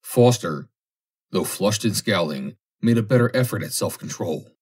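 A man narrating an audiobook in a steady storytelling manner. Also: lowish voice, moderate pace, slightly rough. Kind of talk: audiobook reading.

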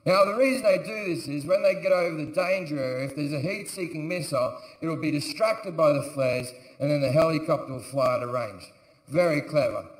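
A man doing stand-up storytelling, sardonic and profane, acting out characters with sudden shouts on a theatre stage. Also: fairly high pitch, a little fast. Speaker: stand-up comedian. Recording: echoey live theatre recording. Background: audience laughter.

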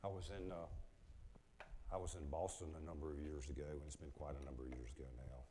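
An older woodturning instructor with a northwest Florida Southern accent leads a live demonstration, walking through each step in a folksy way. His voice is very deep, his delivery flat and quick. The recording comes from an echoey hall with faint background noise.

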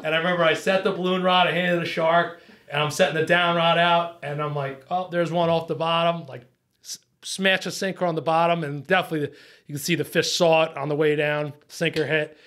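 A man with a slightly high voice tells a fishing story in a casual podcast chat. He is animated and swears freely. He acts out what he and the others said. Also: fairly quick. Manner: animated, profane storyteller who acts out his own lines. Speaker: charter boat captain.

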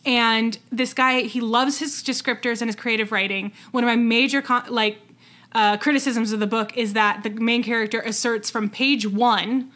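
A woman's voice: a little high, fairly even intonation, normal speed, a bit bright. A woman co-hosting a podcast, chatting casually with many fillers and restarts. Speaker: podcast co-host. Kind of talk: casual chat.

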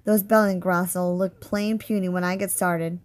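A woman reading aloud, voicing a spirited older neighbor lady with folksy, lively speech. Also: fairly low pitch, a little slow, natural voice.

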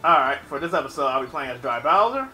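A man hosting his gaming channel, chatting upbeat and excitably in casual gaming commentary. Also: mid-range voice, fast talker, soft background music.

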